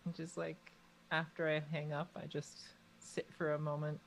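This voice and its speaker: Woman, tabletop player, slow, hesitant, lower pitch, faint background noise. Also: flat delivery, creaky, low-quality recording. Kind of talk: casual tabletop play.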